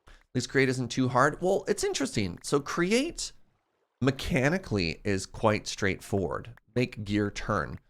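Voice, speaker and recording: A man's voice: medium pitch, sing-song, measured pace. A young adult man thinking aloud in casual commentary while streaming a modded block game. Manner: thinking aloud, rambling and musing.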